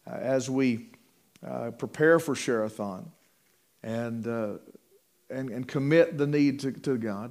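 A man's voice: mid-range voice, takes it slowly, a little mellow. A man preaching a sermon in a folksy, rambling way, with many fillers and restarts.

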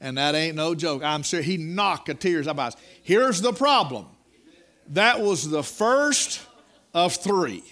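Folksy preacher, bright high voice. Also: male voice, expressive, measured pace. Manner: folksy, dramatic storytelling, rising to loud peaks. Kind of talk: sermon with personal story.

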